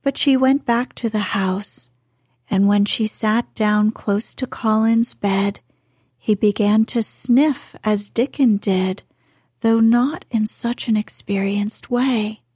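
A woman reading a storybook aloud, in a soft, half-whispered and unhurried delivery. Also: medium pitch, breathy edge, no room sound, clean studio sound. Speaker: audiobook narrator.

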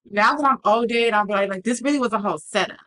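A woman's voice: on the high side, fast, fairly bright tone. A woman talking candidly as a podcast guest, earnest and reflective, acting out the lines of others in her story.

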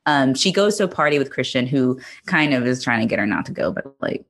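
A woman's voice: very deep voice, sing-song, a little fast, a bit bright. A woman casually chatting about a film with friends, laughing often and acting out little quotes. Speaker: podcast co-host.

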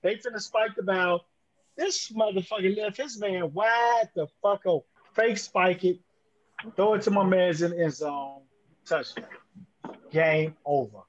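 A man's voice: sits high, unhurried, lo-fi sound. A man with a Chicago accent co-hosting a casual podcast, rambling, profane and repeating himself. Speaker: podcast co-host. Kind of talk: casual banter.

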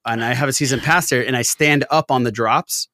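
A man's voice: mid-range voice, fairly quick, pushed and bright, no echo, studio quality. A man co-hosting a pop-culture podcast, casual and jokey, telling corny jokes. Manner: jokey, tells corny pirate jokes with voices. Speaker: podcast co-host. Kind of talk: casual chat.

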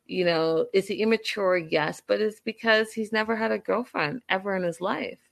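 A woman's voice: mid-range voice, moderate pace, gravelly. A woman giving blunt, casual commentary on a relationship, acting out quoted lines as she goes.

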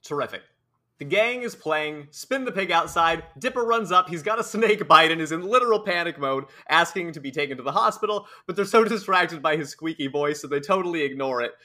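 A man co-hosting a podcast, calmly summarizing a cartoon episode with dry teasing. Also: a little high, brisk. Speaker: podcast co-host. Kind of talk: casual recap chat.

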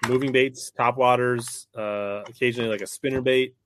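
A man hosting a casual podcast chat, talking in a relaxed, hedging way with many fillers. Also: mid-range voice, moderate pace, a little hiss or hum. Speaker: podcast host.

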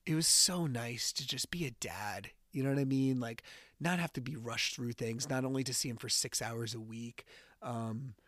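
A man hosting a podcast, telling a personal story in a casual, animated way and acting out the dialogue. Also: medium pitch, normal speed, dry recording, clean studio sound. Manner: animated, acts out dialogue while retelling. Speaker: podcast host.

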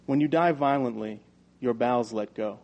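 Male audiobook narrator, mid-range voice, even and measured first-person storytelling. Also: medium pitch, dull audio. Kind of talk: first-person novel reading.

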